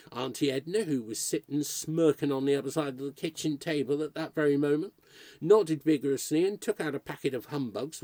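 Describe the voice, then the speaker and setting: A man reading a short story aloud as narrator, in a lively, expressive storytelling manner. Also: fairly high pitch, no echo.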